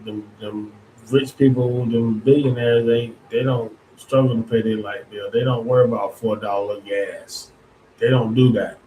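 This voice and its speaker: A man talks in a relaxed, rambling monologue as host of his own show. His voice sits at an ordinary middle pitch, and his colloquial phrasing loops back on itself. A faint noise floor runs under the recording. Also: a little slow, poor audio. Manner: conversational, rambling with restarts, colloquial Southern-tinged speech. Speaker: podcast host. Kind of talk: casual political monologue.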